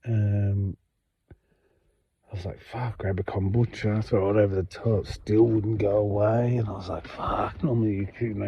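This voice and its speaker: A man hosting his own podcast, talking unscripted late at night in a rambling, halting way with many fillers and restarts. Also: lowish voice, dry recording, lo-fi sound. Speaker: podcast host.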